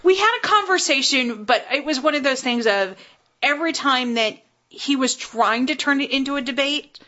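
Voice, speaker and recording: A woman with a fairly high voice tells a story on a casual podcast, animatedly acting out what everyone said. The audio is dull and lo-fi. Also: animated, normal speed, pushed and bright. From Texas. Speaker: podcast co-host.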